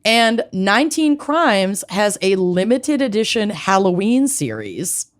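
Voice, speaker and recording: A woman's voice: mid-range voice, animated, measured pace. A woman with a Minnesotan accent co-hosting a podcast, chatty and enthusiastic in casual conversation. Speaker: podcast co-host. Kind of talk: casual chat.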